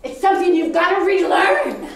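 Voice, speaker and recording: A woman performing a solo storytelling piece on stage, animated and expressive, sometimes dropping to a hush. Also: extremely high pitch, normal speed, noisy background. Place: theater stage. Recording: echoey hall from a distance.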